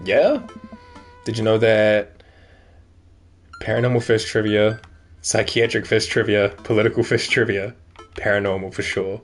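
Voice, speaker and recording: A man's voice: on the low side, steady tone, a little slow, long pauses, faint music behind. A man joking through a let's-play of a dating game, self-mocking, swearing and stumbling over words. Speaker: gamer reading and playing a dating game.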